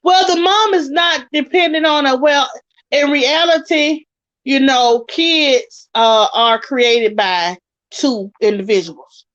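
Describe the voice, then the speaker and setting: A woman speaks as a guest on a talk panel, her pitch a little high. She talks in a measured, hesitant way with many fillers. Her call-in line sounds dull and dry. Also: a bit bright, no room sound. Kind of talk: casual discussion.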